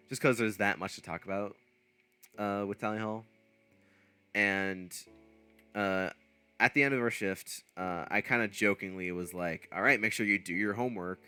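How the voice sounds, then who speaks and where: Soft music plays behind a dry recording of a man whose low-leaning voice is bright, forceful, and smooth, his pace unhurried. The streamer casually tells a long, wandering anecdote, stumbling through fillers and restarts, fixing his own words and laughing at himself.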